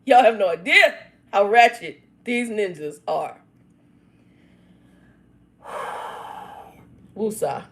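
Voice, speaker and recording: A woman's voice: medium pitch, animated, extremely slow, long pauses, fairly bright tone. A woman in her fifties tells a personal family story straight to her viewers. She talks emphatically, often exclaims and laughs, and reads out comments from her live chat. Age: 50s. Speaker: channel host reading live chat.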